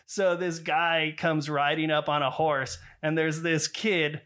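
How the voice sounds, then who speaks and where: A man's voice: a little high, flat delivery, slow pace, fairly bright tone. A man co-hosting a podcast, animatedly retelling a movie plot in casual chat and laughing often as he mimics the characters. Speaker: podcast co-host.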